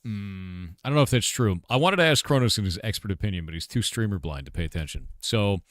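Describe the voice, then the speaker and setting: A man's voice: fairly low pitch, expressive, fast, no room sound, clean studio sound. A middle-aged American man streaming live, riffing and joking with his chat in loose banter. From United States. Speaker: game developer streamer.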